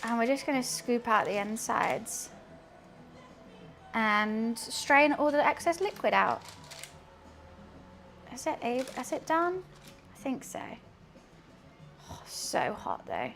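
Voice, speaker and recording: A woman's voice: a little high, slow pace, pauses often, a bit bright, faint music behind. Giggly woman streaming from her kitchen. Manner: chatty and giggly, reads out chat and answers it. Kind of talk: casual live-stream chat while cooking. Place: home kitchen.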